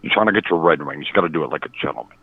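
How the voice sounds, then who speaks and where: A caller putting on a classy old movie star. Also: male voice, a bass voice, very fast, breathy edge, dry recording, pitched below the performer's own voice, exaggerated voice. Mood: suave. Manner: theatrical, keeps saying okay. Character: older gentlemanly male movie star impression. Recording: tinny phone line.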